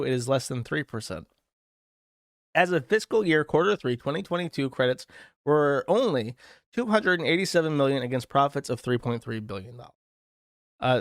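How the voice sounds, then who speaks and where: A man's voice: on the high side, no room sound, studio quality. A male streamer giving casual, sardonic commentary in a loose, rambling way. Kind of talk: casual commentary reading posts.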